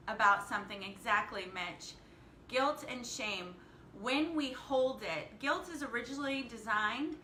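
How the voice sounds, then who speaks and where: A bright-toned woman chats on a casual live stream, upbeat and friendly, greeting viewers by name. Her voice bounces around a hard-walled room, with a faint hum of noise behind her. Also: on the high side, echoey room. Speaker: live-stream host and life coach.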